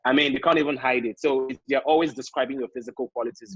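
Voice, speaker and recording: A man's voice: medium pitch, fairly even intonation, quick pace, a bit bright, husky, dry recording, dull audio. A man with a Nigerian accent hosting a casual live panel discussion, teasing and playful, with hesitant fillers. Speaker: host. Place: online live show.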